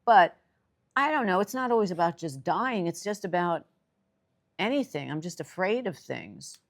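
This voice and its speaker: An older woman from New York City, co-hosting a casual chat and telling stories with lively, rising excitement. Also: moderate pace. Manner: animated storyteller, voice jumps high when excited. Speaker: co-host.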